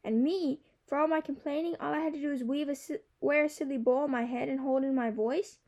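A woman with a fairly high yet mellow voice reads a novel aloud in the first person. Her delivery is steady and expressive, telling the story from the heroine's point of view. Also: brisk. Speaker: audiobook narrator.

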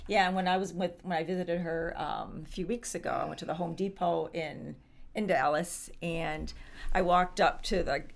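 A woman's voice: on the low side, fairly even intonation, moderate pace, creaky. A middle-aged woman co-hosting a casual chat, rambling and full of fillers. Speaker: co-host.

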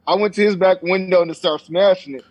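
Animated husky young man telling a story. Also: sits high, fast. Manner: animated storytelling, acts out quotes, swears freely. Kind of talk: casual chat. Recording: dull lo-fi sound.

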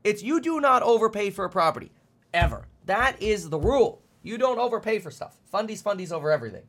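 A man's voice: high voice, animated, fast, fairly bright tone. A man streaming finance commentary, ranting bluntly and fired up, often stumbling over repeated words.

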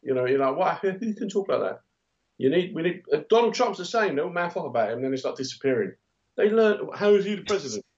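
A man's voice: a little high, sing-song, quick pace, darkish tone. A middle-aged man chatting on a podcast, blunt and jokey, and his voice swoops up and down as he mimics other people. The sound is a bit dull and lo-fi. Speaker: podcast co-host. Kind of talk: casual chat.

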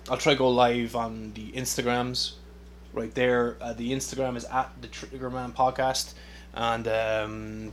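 A man's voice: mid-range voice, vocal fry, slight background noise. Sarcastic, swearing man podcast host. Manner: profane, sarcastic, rambling with many fillers. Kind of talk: casual solo rant.

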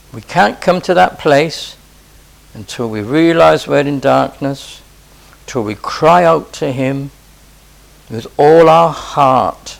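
A man's voice: medium pitch, gravelly. A man preaching a sermon in an impassioned way, pressing his listeners with repeated urgent pleas and rhetorical questions.

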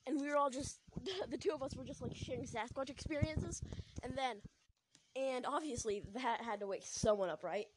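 A woman's voice: high-pitched, moderate pace, background noise. Giggly rambling young woman host. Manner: giggly, rambling, many fillers. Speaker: podcast host. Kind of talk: casual storytelling.

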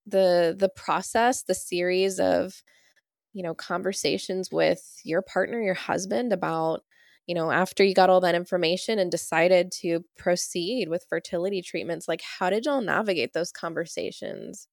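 A woman's voice: fairly low pitch, moderate pace, vocal fry, no room sound, clean studio sound. A woman, a podcast host and relationship therapist, asking questions in a reflective, chatty way. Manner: warm, reflective, says "y'all" and "like". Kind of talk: casual interview chat.

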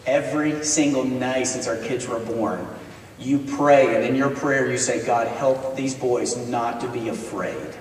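A male preacher voicing his calm, firm wife in a soft, steady, lower voice while telling a story in a sermon. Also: measured pace, a little hiss or hum, close to an everyday voice. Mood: firm, gentle. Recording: echoey chapel from far off.

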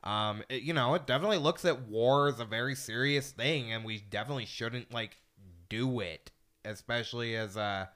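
A man hosting a casual podcast chat, an animated storyteller who swears freely. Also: mid-range voice, normal speed. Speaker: podcast host.

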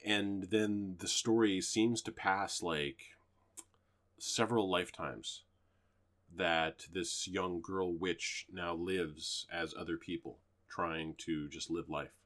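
A man's voice: low voice, fairly even intonation, takes it slowly, a bit bright. A man co-hosting a podcast, casually chatting and loosely retelling a movie plot with fillers and the odd swear. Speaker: podcast co-host. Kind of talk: casual chat reviewing movies.

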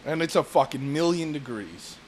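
A man's voice: on the high side, expressive, normal speed, a little hiss or hum. A man co-hosting a casual podcast, ranting with constant swearing. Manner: profane ranting, frequent swearing. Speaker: podcast co-host.

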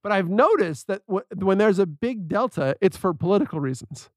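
Man, high voice, lively swooping pitch, playful, laughs a lot, casual podcast chat. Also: normal speed, dry recording, clean studio sound. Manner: animated, laughs often, playful. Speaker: podcast co-host.

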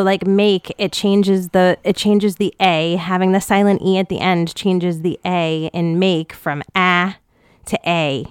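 A young adult woman co-hosting a podcast in casual chat, animated and teasing, laughing often. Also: on the low side, clear, resonant tone, dry recording, studio quality. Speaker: podcast co-host.

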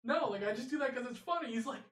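A young man co-hosting a casual sports podcast, an excitable storyteller who laughs often. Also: very high-pitched, fast, roomy sound, far from the mic. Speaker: podcast co-host.

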